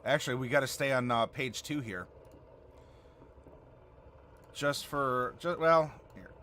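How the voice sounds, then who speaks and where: A man's voice: mid-range voice, slow pace, pushed and bright, a little hiss or hum. A man hosting a live stream, chatting casually and answering viewer comments while he builds a game character. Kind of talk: casual livestream chat.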